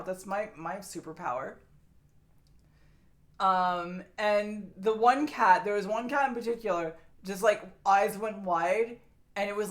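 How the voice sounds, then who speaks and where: A woman's voice: mid-range voice, a bit bright. Rambling young woman streamer chatting. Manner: rambling, swears freely, many fillers. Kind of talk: casual chat with viewers.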